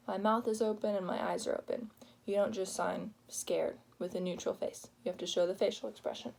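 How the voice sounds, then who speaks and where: A young woman giving an informal class presentation, explaining plainly with pauses and the filler "like". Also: medium pitch, steady tone, creaky, darkish tone. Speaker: student presenting a project.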